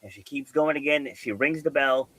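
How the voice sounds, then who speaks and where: A man's voice: medium pitch, moderate pace, bright, forceful tone, dry recording. Earnest man telling a coaching story. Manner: earnest storytelling, acts out quoted dialogue. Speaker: host. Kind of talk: casual podcast conversation.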